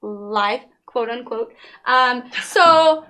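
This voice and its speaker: A high, bright-voiced woman in her thirties, co-hosting a relaxed TV review chat. She gushes over episodes and drops into characters' lines while recapping. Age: 30s. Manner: animated, gushing, quick to act out characters' lines. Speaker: co-host of a TV talk podcast. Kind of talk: casual chat reviewing TV shows.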